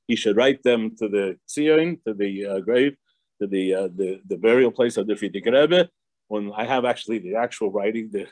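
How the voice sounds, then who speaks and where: Rabbi giving a loose storytelling class. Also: male voice, mid-range voice, darkish tone, no echo. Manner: digressive storytelling with frequent laughs and restarts. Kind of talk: informal Torah class.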